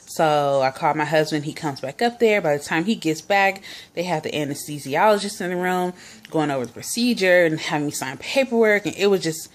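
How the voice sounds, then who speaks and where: A woman's voice: low voice, animated, a little fast. A young woman vlogger casually telling a personal story, chatty, full of fillers and quoted dialogue.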